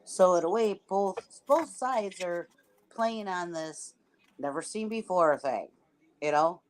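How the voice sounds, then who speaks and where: A woman with a lowish voice joins a casual film chat. She speaks slowly and thinks aloud, often restarting a sentence before finishing her point. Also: lively intonation, darkish tone, low-quality recording.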